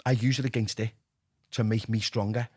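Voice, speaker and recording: A man's voice: fairly low pitch, a little fast, dry recording, clean studio sound. Blunt sweary Liverpool man. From Liverpool, England. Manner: blunt, sweary, animated storytelling. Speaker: podcast guest, addiction recovery coach. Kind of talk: candid interview talk.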